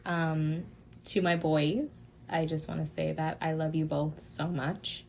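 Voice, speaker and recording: Middle-aged female podcast co-host, deep with vocal fry, sincere, light hiss. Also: flat delivery, unhurried. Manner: warm, heartfelt, laughs often. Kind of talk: casual chat.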